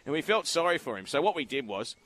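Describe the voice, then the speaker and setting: A man's voice: fairly high pitch, big pitch swings, fast talker, fairly bright tone, no room sound. An Australian man presenting horse racing from the road, telling rambling anecdotes in casual radio chat and laughing often.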